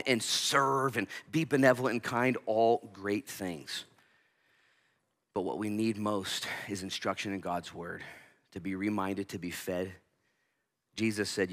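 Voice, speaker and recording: Bright-voiced pastor preaching a sermon. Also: male voice, lowish voice. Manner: animated preaching with acted-out voices and sudden loud outbursts. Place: church sanctuary.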